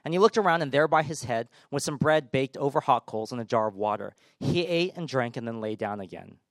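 A man's voice: mid-range voice, expressive, brisk, no echo, clean studio sound. Man preaching a casual, joking sermon. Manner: informal, self-deprecating humor, many fillers. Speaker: pastor. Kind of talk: conversational sermon.

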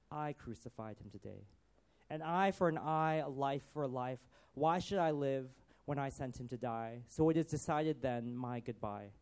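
A man's voice: mid-range voice, a little mellow, lightly acted. A man reading a poem in the voice of a remorseful, despairing male disciple, lamenting in archaic poetic lines.

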